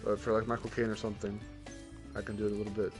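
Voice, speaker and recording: A man's voice: lowish voice, flat delivery, very fast, music in the background. A man chatting casually over a game stream, rambling, laughing often and swearing now and then. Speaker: streamer co-host. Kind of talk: casual chat over gameplay.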